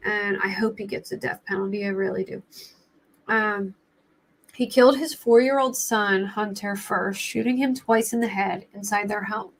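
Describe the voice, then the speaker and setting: A woman's voice: medium pitch, steady tone, normal speed. A young adult woman hosting a true crime livestream, chatting casually in a rambling, flustered way and laughing easily.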